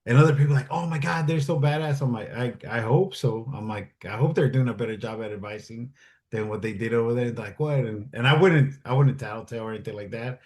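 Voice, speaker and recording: Guy telling stories all animated, acts out the dialogue, echoey room. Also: mid-range voice, fast. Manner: animated, acts out quoted dialogue, swears freely. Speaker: guest, military advisor and stuntman. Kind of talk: casual storytelling chat. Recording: roomy echo.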